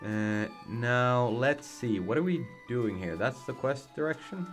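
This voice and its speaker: A man casually commenting on his video game as he plays, in a relaxed, rambling way with plenty of swearing. His voice sits at an ordinary mid pitch. Faint game music runs in the background. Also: unhurried. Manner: laid-back, rambling, swears freely. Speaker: let's play host.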